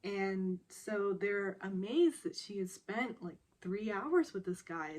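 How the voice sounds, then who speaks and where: Chatty woman going over a drama episode, laughs a lot, mid pitch. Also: takes it slowly, hardly any pauses. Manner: chatty, laughs often, animated when quoting characters. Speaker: drama recap vlogger. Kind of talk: casual recap narration.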